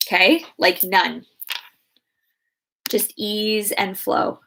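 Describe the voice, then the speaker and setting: A woman's voice: mid-range voice, fairly even intonation, drawn-out words, gravelly, pushed and bright, breathy edge. Woman in her thirties, life coach answering client questions, chatty and loose, lots of "like" and "you know". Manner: chatty, many fillers and restarts. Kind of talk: casual Q&A coaching talk.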